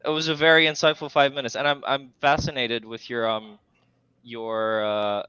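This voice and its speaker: A man's voice: mid-range voice, little pitch movement, moderate pace, bright, forceful tone, clean tone, no echo, lo-fi sound. A man co-hosting a podcast over a video call, speaking hesitantly with frequent ums and uhs. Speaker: podcast co-host. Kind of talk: casual chat.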